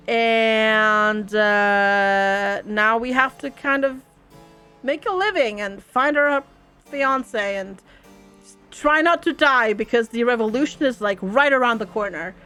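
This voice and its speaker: A woman's voice: fairly high pitch, sharp tone, clean tone. A woman hosting a gaming video, playfully reading the game's text aloud and chatting about it. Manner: playful, laughs often. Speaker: gaming channel host. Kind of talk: reading game text aloud with casual commentary.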